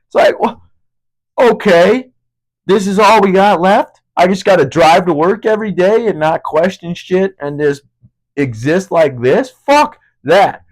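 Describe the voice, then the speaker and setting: A man's voice: high-pitched, lively intonation, measured pace, poor audio. A young man hosting a podcast, talking in a casual, rambling monologue that is heavy with swearing. He often hunts for words, and his voice keeps cracking. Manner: profane, rambling, searching for words. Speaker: podcast host.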